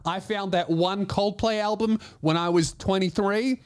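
A man in his late twenties talks on his podcast in a slightly high voice. He rambles through jokey stories in a loose, casual chat. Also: steady tone, unhurried. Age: late 20s. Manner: joking, rambling storyteller. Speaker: podcast host.

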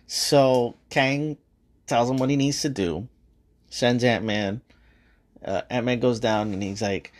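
Give me a male podcast host giving a slow, profane, hesitant movie review at a mid pitch. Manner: rambling, profane, hesitant with many fillers.

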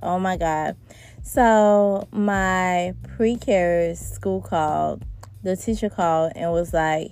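A woman's voice: lowish voice, slow, darkish tone, smooth, soft background music. A young woman hosting a parenting podcast, chatting casually and calling her listeners y'all. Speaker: podcast host. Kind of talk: casual chat.

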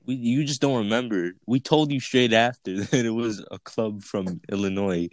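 A man's voice: on the low side, dry recording. Guy on a podcast joking around, laughs a lot, dry close sound. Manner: laughing storyteller, quick and joking. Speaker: podcast co-host. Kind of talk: casual chat.

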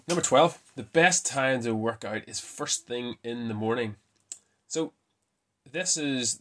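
A man hosting a casual fitness talk, chatty and quick to correct himself with a laugh. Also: mid-range voice. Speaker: fitness podcast host. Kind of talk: casual myth-busting talk.

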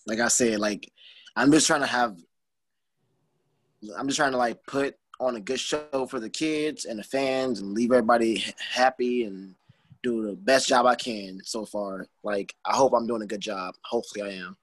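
A young man, a wrestler guest, talking in a rambling, filler-heavy, excitable way in an interview. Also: medium pitch, normal speed, slightly rough, dry recording. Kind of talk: casual interview.

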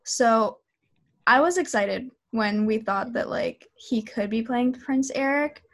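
A young woman, a college student, co-hosting a casual podcast chat over a video call, eager and excitable. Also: fairly high pitch, slow. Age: young adult. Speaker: podcast co-host.

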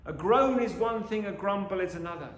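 A man preaching a sermon, dramatic, swinging from loud exclamations to hushed lines. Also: high voice, brisk. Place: church. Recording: echoey church hall.

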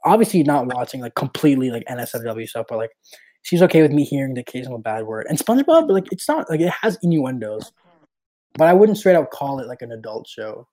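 Young male co-host, blunt jokester, relaxed podcast chat. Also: mid-range voice, fast. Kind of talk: casual chat.

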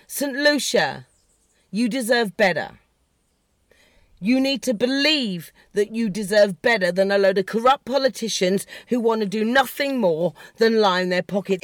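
A woman's voice: a little high, no echo, clean studio sound. A woman delivering an impassioned, blunt and profane political rant, heated and sarcastic. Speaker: political commentator. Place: in the country she discusses.

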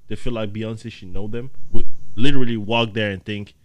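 A man in casual chat, telling stories with lively acted-out quotes. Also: on the low side, normal speed. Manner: animated storyteller acting out quotes.

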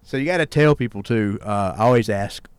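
A man hosting a casual interview, talking fast and rambling in a friendly way. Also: on the low side, clean tone, dry recording. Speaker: host. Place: outdoor gazebo on a cold evening.

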